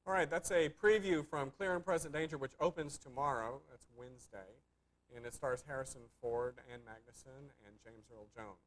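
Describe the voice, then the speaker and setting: Dry, teasing TV film co-host. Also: male voice, medium pitch, moderate pace, a bit bright, faint music behind, rough recording. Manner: dry, teasing, hesitant with many fillers. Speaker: co-host of a film review show. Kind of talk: casual live TV chat.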